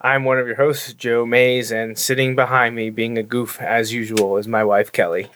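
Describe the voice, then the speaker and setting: A man co-hosting a casual podcast. He speaks with careful, deliberate enunciation and a dry, self-deprecating humor. His pitch sits in a middle register. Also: level tone, fairly bright tone. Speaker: podcast co-host. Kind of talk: casual chat.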